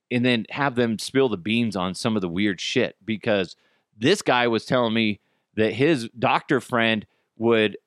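Brief: male comedy podcast host, animated, swearing, dry close mic. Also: mid-range voice, no room sound. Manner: laughing, joking, profane. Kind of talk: casual comedic commentary.

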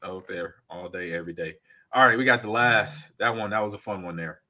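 Guy in his 40s cohosting a chill podcast, bright punchy voice, gets loud acting out stories. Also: sits low, brisk. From California. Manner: animated storyteller, acts out scenes loudly. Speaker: podcast co-host. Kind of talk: casual podcast chat, reading chat comments.

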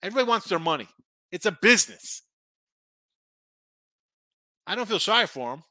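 A man's voice: sits high, sing-song, normal speed, sharp tone, no echo. A middle-aged man hosting a sports betting show, rambling through picks and opinions with frequent restarts. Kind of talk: casual sports betting talk.

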